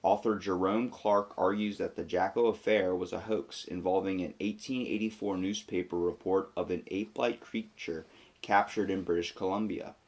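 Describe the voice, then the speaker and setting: A man with a very low voice chats on a casual podcast. He reads out facts, then riffs on them with loose, joking asides and frequent fillers. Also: steady tone, normal speed. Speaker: podcast co-host.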